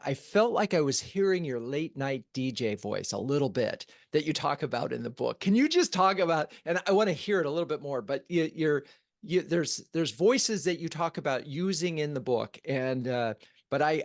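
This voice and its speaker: A male interview host who talks in a halting, friendly way, with fillers and restarts. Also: fairly high pitch, lively intonation, no echo, clean studio sound. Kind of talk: casual interview chat.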